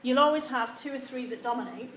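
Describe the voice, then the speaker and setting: A high-pitched woman lectures students in an echoey room, lively and acting out sample answers in quoted voices. A faint hum of noise sits under her voice. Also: a little fast. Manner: animated, acts out example replies. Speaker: university lecturer. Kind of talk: lecture on research methods. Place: lecture hall.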